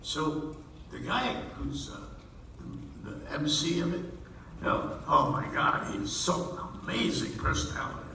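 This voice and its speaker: A man telling a rambling stage story with frequent laughs and restarts, heard from a distance in a large theater. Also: fairly high pitch. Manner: rambling, halting, laughing often. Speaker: festival guest telling a story. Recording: echoey hall, distant mic, loud room noise.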